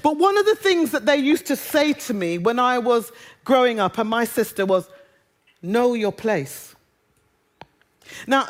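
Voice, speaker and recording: A British woman preaching a sermon in a conversational, humorous way, drawing out quoted lines and song words. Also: on the high side. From Britain.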